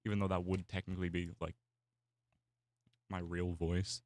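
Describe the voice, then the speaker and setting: A man's voice: low-pitched, little pitch movement, normal speed, dry recording. A man whose first language is Spanish, rambling casually with many fillers while he draws on stream. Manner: rambling, musing aloud with fillers. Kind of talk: casual chat while drawing.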